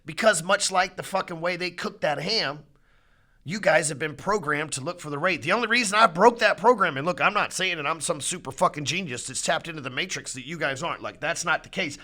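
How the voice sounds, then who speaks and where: A middle-aged man with a drawl delivers a profane, blunt sales rant as a podcast host. His voice is bright and tense, sitting a little high, and he presses hard on his points. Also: a little fast. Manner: blunt, swearing, heated, climbs louder when riled.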